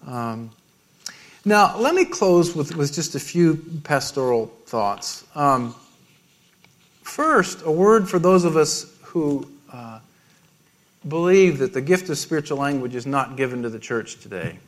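Male pastor, middle-aged, sermon, halting restarts, self-deprecating. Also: fairly high pitch, expressive.

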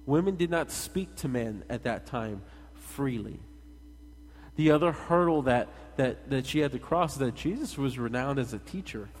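Give me a man in a church hall preaching a sermon, animated and conversational, with a long reverb tail. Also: mid-range voice, normal speed. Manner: animated, conversational, addresses the congregation directly.

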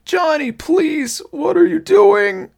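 A man voicing a creature that pretends to be an old, crippled father, begging in a high, raspy, strained whine. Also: slow pace, full character voice. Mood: pleading. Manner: high, strained, whining pleading. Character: creature mimicking an old bedridden father, pleading.

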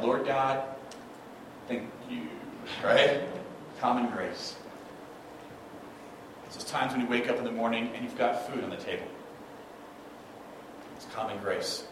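Pastor preaching in a booming hall. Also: male voice. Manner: conversational, asks the listeners "right?". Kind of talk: sermon. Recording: far from mic in an echoey hall, noisy.

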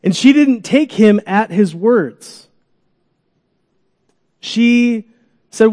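High-voiced man preaching in a reverberant hall. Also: drawn-out words, pauses often. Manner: animated, acts out groans and cries. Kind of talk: sermon. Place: church sanctuary.

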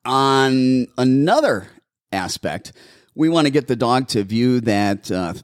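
A man hosting a pet-advice show as a dog behaviorist, giving animated, step-by-step training instructions in casual chat. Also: medium pitch, slow pace, dry recording, studio quality. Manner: animated, instructive, repeats steps. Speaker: dog behaviorist, podcast host.

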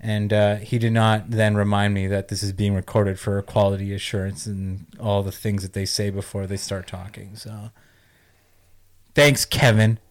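A man's voice: on the low side, little pitch movement, moderate pace, few pauses, a little mellow. A young man co-hosting a podcast, telling a heated story in a fired-up, ranting way. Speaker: podcast co-host. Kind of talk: casual podcast chat.

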